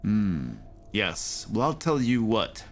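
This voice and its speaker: A man's voice: fairly low pitch, very animated, takes it slowly, soft background music, exaggerated voice. A man voicing a stern, pompous abbot of a holy order in a tabletop game, speaking in a lofty, preachy way. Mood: haughty. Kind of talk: tabletop role-play.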